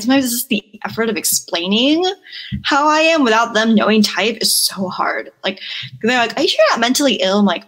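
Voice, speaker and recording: Lively young woman, higher voice. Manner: animated storyteller, laughs often, acts out family dialogue. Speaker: podcast guest. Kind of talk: casual chat.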